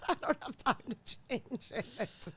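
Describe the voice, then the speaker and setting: Animated, laughing woman co-host. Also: fairly high pitch, slow, slightly rough. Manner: animated, laughing, acts out voices. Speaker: podcast co-host. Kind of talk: comedic casual chat.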